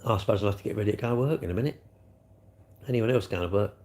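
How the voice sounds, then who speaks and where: A man's voice: fairly low pitch, very fast, darkish tone. A man chatting casually on a live stream, answering his viewers in a rambling, sarcastic way with lots of tag questions.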